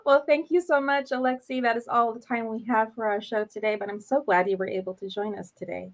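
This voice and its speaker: A woman's voice: on the high side, fairly even intonation, fairly quick. A woman hosting an interview show, who talks with enthusiasm and laughs often. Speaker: show host. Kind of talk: interview conversation.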